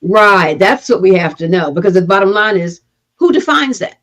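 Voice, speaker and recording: Expressive woman co-host asking questions. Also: medium pitch, normal speed. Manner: engaged, asks rhetorical questions, laughs along. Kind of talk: casual panel chat.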